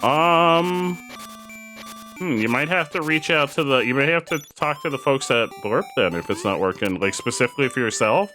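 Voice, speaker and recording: A male streamer chatting with viewers in a lively, up-and-down voice. He explains things casually and repeats himself as he goes, with faint music behind him. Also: mid-range voice, moderate pace. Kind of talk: casual live-stream chat while gaming.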